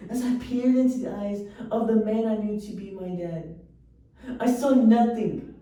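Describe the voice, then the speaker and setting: A woman giving an earnest, emotional poetry recitation with slow pauses. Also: a little high, dark tone. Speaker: poetry reader. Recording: echoey room, voice far from mic.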